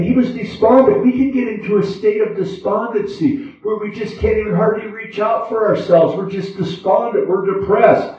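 High-voiced preacher in an echoey church. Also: male voice, moderate pace, hardly any pauses. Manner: preaching cadence, drops to a hushed low voice then rises in fervent prayer. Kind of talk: evening church sermon and prayer. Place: church sanctuary. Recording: echoey room from far off, dull sound.

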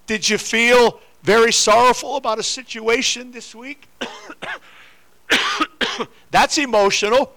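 Older man, preacher, high voice, repetitive questions, church sermon. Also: fairly even intonation, unhurried, pauses often, pushed and bright. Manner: repetitive, rhetorical questions to the congregation. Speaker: pastor.

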